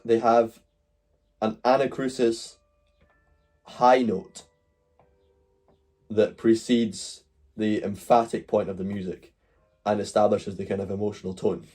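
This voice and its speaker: A man's voice: on the low side, little pitch movement, a little slow, pauses often, darkish tone, soft background music. A man hosting a live stream, rambling through his points and answering the chat.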